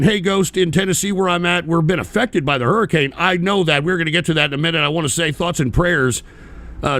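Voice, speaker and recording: A man hosting a live political talk stream, ranting bluntly with heavy swearing and reading out viewer donations. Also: a little high. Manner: blunt, profane, animated ranting. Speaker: political talk show host.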